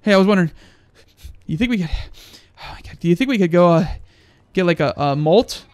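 A man's voice: sits high, lively intonation, a little fast, no echo. A young man giving crude, joking gameplay commentary, swearing often and acting angry for laughs. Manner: profane, mock-angry, joking. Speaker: gaming video host.

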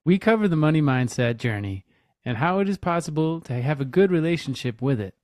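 In a dry, studio-quality recording, a man with a fairly high, slightly mellow voice speaks briskly with lively intonation. Co-hosting a podcast, he chats easily, reads the show's introduction, and laughs a lot.

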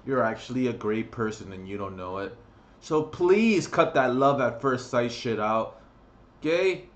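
A man's voice: mid-range voice, expressive, a little slow. A man ranting on his vlog, crude and profane, blunt and mocking. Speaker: vlogger.

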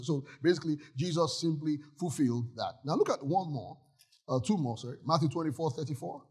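A man's voice: a little high, brisk, a little mellow, slightly rough. A male pastor preaching a sermon in a church, emphatic and often asking the congregation if they follow.

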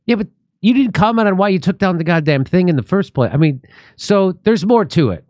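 A man's voice: high voice, lively intonation, a little fast, a little mellow, dry recording, clean studio sound. A man hosting a comedic political commentary show, ranting sarcastically with profanity. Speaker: show host.

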